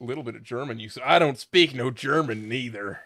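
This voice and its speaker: A man's voice: medium pitch, brisk, fairly bright tone. A man streaming a story game, chatting casually with profane jokes and stammering restarts while reading the game's text aloud.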